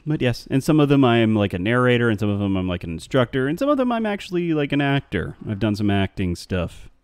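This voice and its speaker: A man's voice: on the low side, brisk, a little mellow, clean tone, dry recording. A man chatting casually on a live game stream, rambling and answering his chat.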